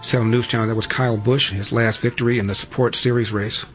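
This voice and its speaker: A man's voice: mid-range voice, fairly even intonation, quick pace, over music. A man hosting a radio talk show, reading appeals and phone numbers, and pressing callers with emphatic questions. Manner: emphatic, rising to exasperated lecturing at callers. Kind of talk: talk radio monologue and ad read.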